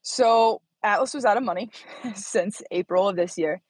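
A woman in her thirties from Indiana, a startup founder telling her story as an interview guest, animated and laughing often as she acts out quotes. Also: medium pitch, moderate pace, husky, no echo, poor audio.

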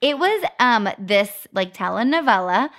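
A young woman co-hosts a podcast in a casual, upbeat voice. Her pitch sits mid-range, and she runs through marketing facts like a story she enjoys telling. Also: big pitch swings, measured pace, fairly bright tone. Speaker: podcast co-host. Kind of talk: casual chat.

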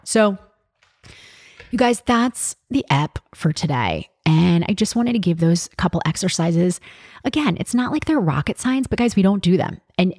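A woman's voice: lowish voice, darkish tone, no room sound, clean studio sound. A young adult woman hosting a podcast, talking candidly and casually with lots of fillers and swearing. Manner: candid, profane, chatty with many fillers. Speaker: podcast host.

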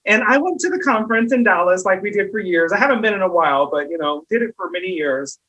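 A woman hosts a relaxed interview in a slightly husky voice. She affirms her guest often and tells her own story with enthusiasm. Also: medium pitch, quick pace, muffled recording. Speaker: host. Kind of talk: casual interview conversation.

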